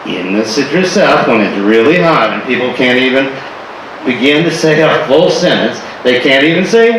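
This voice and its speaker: A man from Florida telling comic stories on stage in an animated, exaggerated, playful way. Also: mid-range voice, normal speed. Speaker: performer. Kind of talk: stand-up storytelling. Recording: echoey hall from far off with faint noise.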